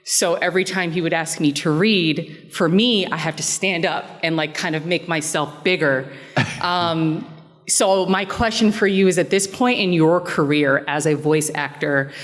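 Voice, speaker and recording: A woman's voice: low voice, measured pace. A woman voice actor in the audience asking a polite, hesitant question at a convention panel. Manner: polite, hesitant, filler-laden. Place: convention hall. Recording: reverberant convention hall.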